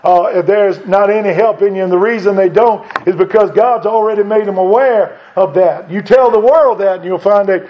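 A high-voiced man preaches an earnest sermon, quoting scripture and circling back over his points. The recording is dull and lo-fi. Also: normal speed, hardly any pauses, a little hiss or hum.

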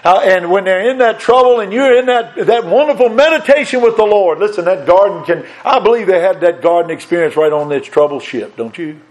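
Fervent preacher, high voice. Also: male voice, lively intonation, a little fast, few pauses, rough recording. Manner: fervent, emphatic, repeats words, swings between raised and hushed delivery. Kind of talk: sermon.

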